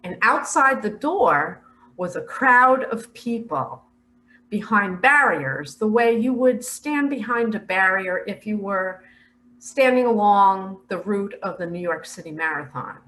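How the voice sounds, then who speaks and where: A woman's voice: medium pitch, lively intonation, a bit bright, poor audio. Older lady telling her vision, heartfelt, emotional, takes her time. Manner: slow, heartfelt, emotional storytelling. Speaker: spiritual speaker sharing visions. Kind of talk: earnest first-person recounting of a vision.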